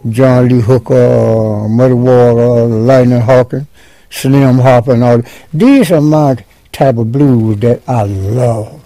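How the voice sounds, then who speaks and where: An older man who runs a juke joint, telling his story in a halting, rambling interview. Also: mid-range voice, steady tone, mellow, dry recording, soft background music.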